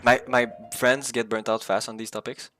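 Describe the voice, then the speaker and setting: A man's voice: medium pitch, little pitch movement, normal speed, sharp tone, a little hiss or hum. A man streaming a video game, chatting loosely with his viewers and swearing freely as he rambles. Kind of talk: casual live-stream chat while gaming.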